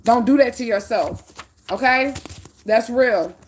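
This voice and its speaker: A woman's voice: on the high side, takes it slowly, a little hiss or hum. A middle-aged woman giving a spiritual reading, preaching bluntly and profanely with heavy emphasis. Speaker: spiritual reader.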